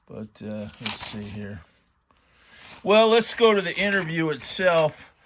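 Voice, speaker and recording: Middle-aged male host with a slightly high voice, reminiscing in loose, rambling commentary. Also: big pitch swings, slow, a bit bright, a little hiss or hum. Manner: rambling, reminiscing, thinking aloud. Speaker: vintage magazine collector channel host. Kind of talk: casual commentary while reading a magazine aloud.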